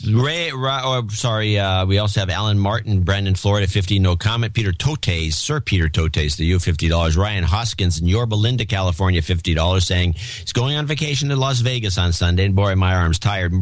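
A man co-hosting a podcast, reading listener donation notes in a brisk way and sometimes laughing at them. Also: sits low, no echo, clean studio sound. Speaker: podcast co-host.

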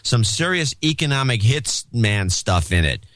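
A man's voice: mid-range voice, very animated, moderate pace, a bit bright, no room sound. A man co-hosting a casual podcast, reading donor notes in a matter-of-fact way with sardonic asides.

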